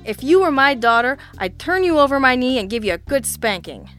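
A woman reading the lines of a gruff, exasperated male police lieutenant who growls and scolds. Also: high voice, very animated, fairly quick, a bit bright, faint music behind, voice pushed up.

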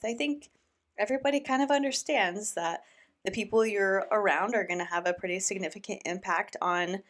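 A woman hosts a reaction commentary with a sarcastic, incredulous edge. Her voice sits at a middle pitch, and her delivery is animated. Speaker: commentary host.

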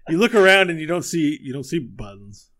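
A man's voice: on the high side, moderate pace. Rambling man running a tabletop game. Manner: relaxed, rambling, with many fillers and restarts. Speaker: game master.

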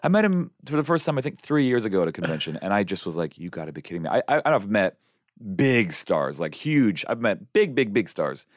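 Animated low-voiced man telling stories. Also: fairly quick, no room sound, studio quality. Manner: animated, enthusiastic storyteller. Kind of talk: casual chat.

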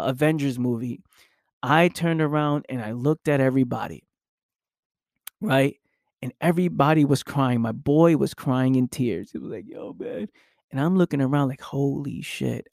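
A man's voice: on the high side, darkish tone, no room sound, clean studio sound. A young man hosting a solo podcast, talking casually and reflectively, with "right?" tagged onto his points. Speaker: podcast host.

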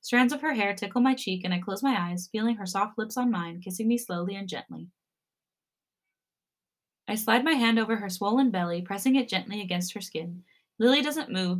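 A woman reading a romantic fan story aloud in the first person, in a gentle, soft, intimate way. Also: mid-range voice, moderate pace. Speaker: podcast story reader.

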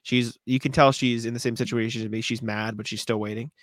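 A young man co-hosting a podcast, chatting casually and telling animated, profane stories. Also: mid-range voice, fast talker, no echo, clean studio sound. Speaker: podcast co-host. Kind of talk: casual chat.

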